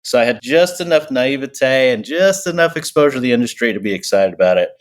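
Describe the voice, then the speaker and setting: A man in his forties from Texas, an agency co-founder telling his story in a relaxed interview over a video call. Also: mid-range voice, brisk. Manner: easygoing, storytelling, self-deprecating. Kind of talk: casual interview talk. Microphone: remote video call.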